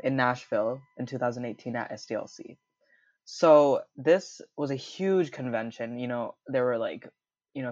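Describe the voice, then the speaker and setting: A man's voice: mid-range voice, a little mellow, dry recording. A young man telling his own story in a casual interview, chatty and full of fillers, laughing often. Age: young adult. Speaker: interview guest. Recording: dull lo-fi recording.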